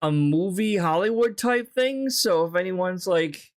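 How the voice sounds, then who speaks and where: A man's voice: high-pitched, lively intonation, unhurried. A man streaming live, reacting to video clips with blunt, casual commentary full of swearing and apologies.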